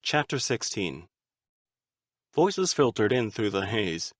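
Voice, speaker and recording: A man reading a fan-made audiobook in a steady, even storytelling manner. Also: lowish voice, slow pace, no echo, clean studio sound. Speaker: audiobook narrator.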